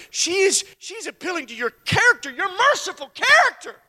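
A preacher giving a conversational sermon full of rhetorical questions, breaking into shouted emphasis. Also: very high-pitched, sing-song, normal speed, no room sound.

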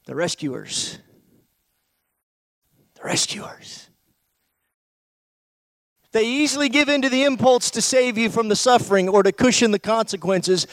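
A male pastor preaching a sermon, emphatic, full of rhetorical questions and swings from loud to hushed. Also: very high voice, fairly even intonation, brisk, hardly any pauses, dry recording.

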